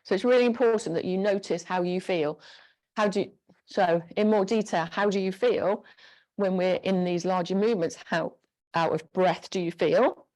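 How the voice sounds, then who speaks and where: A woman's voice: mid-range voice, normal speed, darkish tone. A woman instructor leading a live online exercise class, cueing moves in a chatty, encouraging way on a clip-on mic. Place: home room with a squeaky floor. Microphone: clip-on mic pack.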